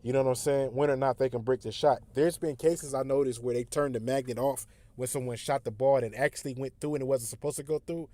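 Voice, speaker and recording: A man's voice: medium pitch, fairly even intonation, fast, few pauses, mellow, dry recording. A man in a casual monologue, insistent and conspiratorial, talking slangy.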